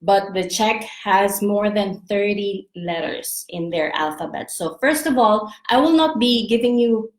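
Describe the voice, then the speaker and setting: A young woman with a Filipino accent talks slowly and casually to her vlog audience. She fills her explanations with ums and restarts. Her voice carries an echoey room sound. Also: mid-range voice. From Philippines. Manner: chatty, laughs often, many fillers and restarts. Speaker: vlogger.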